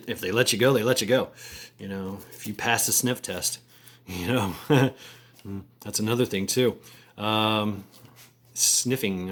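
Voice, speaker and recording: A man talking casually to camera in a halting, rambling way, full of fillers, restarts and crude slangy asides. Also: fairly low pitch. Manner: halting, many repeated words and fillers. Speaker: vlogger.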